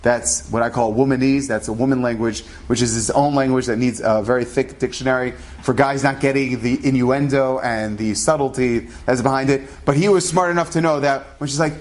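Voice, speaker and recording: A man telling a story in a casual, animated way, acting out the voices of the people in it. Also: mid-range voice, brisk, few pauses. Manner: animated, acts out quoted voices.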